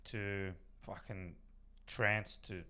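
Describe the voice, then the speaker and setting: A man with a hoarse voice from shouting, chatting casually on a podcast, rambling and swearing. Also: fairly low pitch, flat delivery, very slow. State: hoarse, lost voice. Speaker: podcast co-host. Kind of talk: casual chat.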